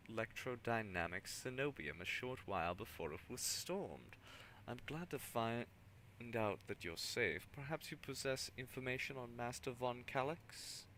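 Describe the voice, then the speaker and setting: A man's voice: medium pitch, fairly bright tone, a little hiss or hum, voice pushed up. A man voicing a harried male planetary governor, reading the lines in a tired, put-upon way. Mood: polite.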